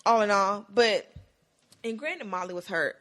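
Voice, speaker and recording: A woman co-hosts a casual TV recap. Her pitch swings widely as she tells stories in slang and laughs often. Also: unhurried. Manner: animated, laughing, slangy storytelling. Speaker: podcast co-host.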